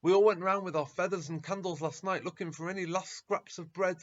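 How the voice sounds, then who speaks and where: A man voicing anxious young male disciples who stammer and protest loudly, on a dull lo-fi recording. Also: a little high, lively intonation, normal speed, creaky, slightly rough, voice pushed up, heavily acted.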